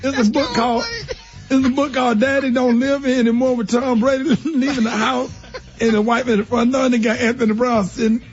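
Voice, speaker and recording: A man's voice: very high voice, level tone, a little fast. A man hosting a radio morning show, telling rambling stories while laughing at his own jokes. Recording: muffled radio broadcast with music bed.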